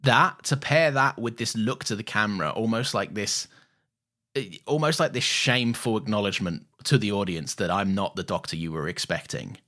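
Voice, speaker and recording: A man's voice: fairly low pitch, animated, moderate pace, pushed and bright. A man co-hosting a podcast, talking enthusiastically and swearing freely in casual chat. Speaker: podcast co-host.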